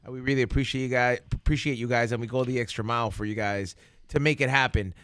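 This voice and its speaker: A man's voice: mid-range voice, fairly even intonation, fast talker, fairly bright tone, clear, resonant tone. A man hosting a podcast, talking casually and plugging the show's membership in a loose, rambling way. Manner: laid-back, rambling. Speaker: podcast host. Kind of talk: casual chat and sponsor plugs. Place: podcast studio.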